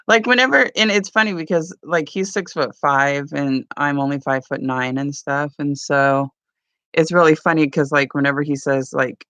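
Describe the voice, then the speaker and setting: A woman's voice: low voice, expressive, normal speed, a bit bright, no echo. A woman rambling casually at home for her morning vlog, with lots of "like" and "you know.". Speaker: vlogger. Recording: dull lo-fi sound.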